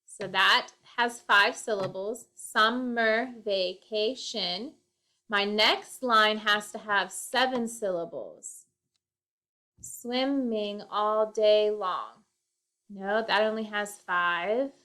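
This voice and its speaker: A woman's voice: mid-range voice, pushed and bright. A woman teacher giving a recorded poetry lesson, patiently counting out syllables. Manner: slow, patient, clapping out syllables.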